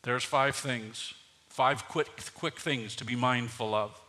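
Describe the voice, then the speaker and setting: A man preaching a sermon as pastor, moving from quiet scripture reading to loud, emphatic preaching. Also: mid-range voice, takes it slowly, in a large hall.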